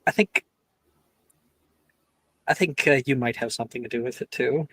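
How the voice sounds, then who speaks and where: A man's voice: medium pitch, moderate pace, sharp tone, no echo. Man, tabletop player in character, loose and teasing delivery, dead-dry recording. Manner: rambling, playful, laughs mid-sentence. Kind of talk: in-character role-play.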